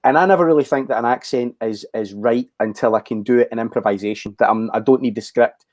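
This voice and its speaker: A Scottish man in his forties, an actor talking in a casual interview, thoughtful and halting with frequent restarts. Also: medium pitch, darkish tone, dry recording. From Scotland. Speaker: actor, guest.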